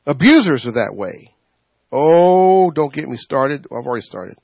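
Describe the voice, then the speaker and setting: A man leading a Bible study, preaching informally in an animated way, laughing and acting out quotes. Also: medium pitch, a little slow, vocal fry, dry recording. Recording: dull, muffled sound.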